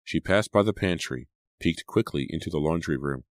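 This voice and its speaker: A man with an extremely deep, low voice reads a horror story aloud, measured and suspenseful. The sound is dry and close, with no room around it. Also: lively intonation, no echo. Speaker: audiobook narrator. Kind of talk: scripted horror narration.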